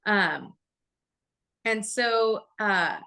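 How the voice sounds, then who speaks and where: A woman giving a live real estate training talk, chatty and lively, often asking the audience questions. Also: medium pitch, very slow. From Oregon, USA.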